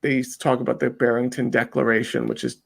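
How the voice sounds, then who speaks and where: A man with a gravelly, creaky voice talks as a guest on a casual interview show. He rambles and restarts often, acting out the people he is describing. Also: medium pitch, level tone, fast. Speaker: interview guest, undercover video maker.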